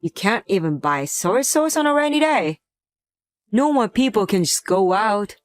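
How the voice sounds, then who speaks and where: A woman's voice: medium pitch, big pitch swings, a little slow, no echo, studio quality. A woman voicing a resentful adult husband who talks in a curt, contemptuous way in a scripted drama.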